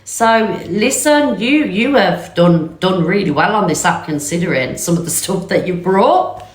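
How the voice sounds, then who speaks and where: A woman's voice: lowish voice, lively intonation, a little slow. A woman chatting casually on a live stream, reacting to clips in a gossipy way. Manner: chatty, gossipy, drops to a whisper for secrets. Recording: roomy echo.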